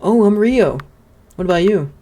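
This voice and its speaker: A woman's voice: mid-range voice, animated, normal speed, mellow, voice pushed up, lightly acted. A woman voicing a shy, polite little scarecrow boy from a video game, sounding eager and earnest. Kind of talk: reading game dialogue aloud.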